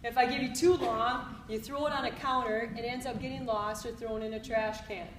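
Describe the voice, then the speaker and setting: A woman's voice: on the high side, steady tone, brisk. A woman on the school staff giving firm, explanatory announcements to students. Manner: firm, explanatory, stresses deadlines. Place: large echoey school gym. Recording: echoey room, distant mic, background noise.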